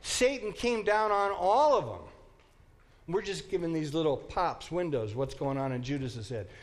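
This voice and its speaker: A man with a fairly high voice leads a Bible class in a classroom. He teaches in an animated, joking way and acts out the story as he goes. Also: moderate pace.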